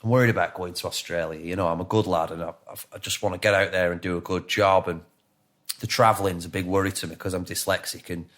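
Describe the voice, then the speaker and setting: A man's voice: deep voice, fairly even intonation, fast talker, fairly bright tone. A man in his thirties with a Lancashire accent, a guest chatting in a podcast interview, rambling and swearing with many restarts. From England. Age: 30s.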